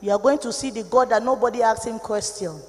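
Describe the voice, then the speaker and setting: A woman with a Nigerian accent preaching an impassioned sermon, moving from low warnings to shouted rebukes. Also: quick pace, long reverb tail.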